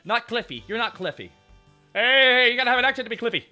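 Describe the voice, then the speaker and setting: A man hosting a live stream in casual chat, excitable and rambling as he thanks donors aloud. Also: extremely high pitch, racing. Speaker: streamer host. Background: faint background music.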